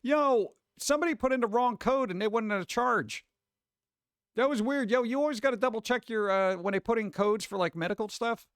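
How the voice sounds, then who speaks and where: Male stream host, high voice, dry close sound, chatty and rambling. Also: fairly quick, fairly bright tone, dry recording. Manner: rambling, acts out other people's voices. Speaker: livestream host. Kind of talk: casual stream chat.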